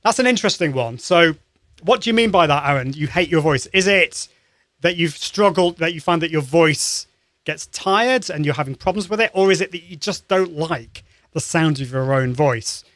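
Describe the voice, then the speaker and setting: A man hosting a live-streamed lesson, coaching voice warm-ups in an upbeat, encouraging way with many restarts. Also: on the high side, normal speed, no room sound, clean studio sound. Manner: upbeat and encouraging, demonstrates sounds; conversational with frequent restarts.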